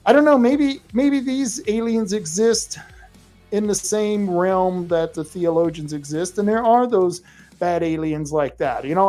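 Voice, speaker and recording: A man's voice: on the high side, darkish tone. A male podcast host with a rural American accent, talking casually to listeners in a rambling way full of fillers and restarts.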